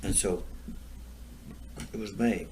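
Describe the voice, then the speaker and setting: A man's voice: low voice, takes it slowly, background noise. An older man from Florida telling rambling stories in a casual chat, repeating himself and laughing at his own tales. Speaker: storyteller guest. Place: outdoors.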